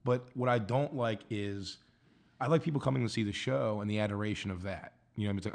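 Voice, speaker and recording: A man, a guest comedian, rambling through stories in casual chat and acting out the people he quotes in higher voices. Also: quick pace, vocal fry, darkish tone. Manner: rambling storyteller, acts out quotes in higher voices, laughs a lot.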